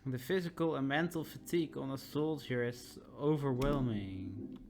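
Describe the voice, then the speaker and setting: A man's voice: medium pitch, moderate pace, darkish tone, lightly acted. A man voicing a disillusioned young soldier in a video game, speaking in a weary, troubled way.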